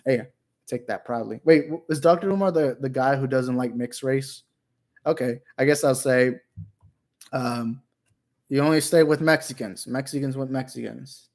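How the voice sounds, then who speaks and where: A man's voice: medium pitch, moderate pace, a little mellow. A young man hosting a casual livestream, reading chat aloud, joking, rambling and swearing. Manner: reads out chat messages. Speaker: livestream host.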